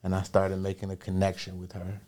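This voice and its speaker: A man with a low voice, speaking a little fast, appears on a podcast as a business coach. He animatedly relates a personal story and motivational advice, doing the voices of those he quotes.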